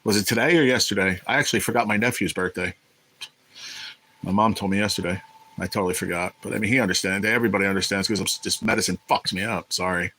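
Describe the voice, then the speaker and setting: A man's voice: fairly low pitch, fairly even intonation, fast, pushed and bright, poor audio. A man hosting a casual livestream, talking in a blunt, profane, irritated way. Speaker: livestream host.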